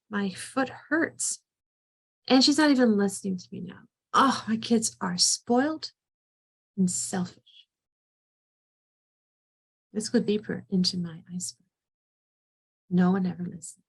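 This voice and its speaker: A woman's voice: medium pitch, vocal fry, husky. A middle-aged woman psychotherapist leading a training session, telling a vivid first-person scenario.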